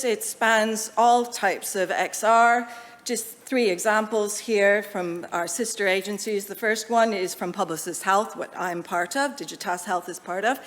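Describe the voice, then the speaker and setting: Woman, American accent, conference speaker, lively, in a reverberant hall. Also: medium pitch. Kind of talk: conference presentation. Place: lecture hall. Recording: long reverb of a large hall.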